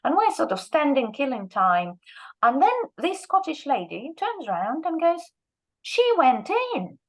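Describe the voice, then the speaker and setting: Animated woman telling teaching stories. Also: high voice, normal speed, poor audio. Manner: lively storyteller who acts out quoted speech. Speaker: guest lecturer and Russian teacher. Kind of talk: anecdotal workshop talk.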